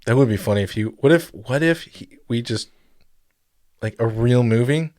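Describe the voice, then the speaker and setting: A man's voice: medium pitch, moderate pace, darkish tone, dry recording, clean studio sound. Rambling, joking male podcast co-host. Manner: rambling storyteller, joking, self-correcting. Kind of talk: casual podcast chat.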